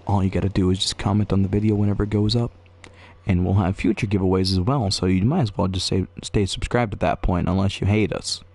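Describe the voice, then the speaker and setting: A man streaming a game, chatting casually with viewers in a goofy, rambling way that jumps into excited yelps. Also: low voice, fast. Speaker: gaming streamer. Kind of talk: casual live-stream chat.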